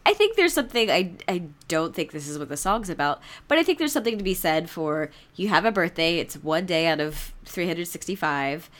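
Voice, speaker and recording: A young adult woman co-hosting a casual chat, talking fast with frequent laughs as she leads the discussion. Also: lowish voice, expressive, fairly bright tone. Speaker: podcast co-host.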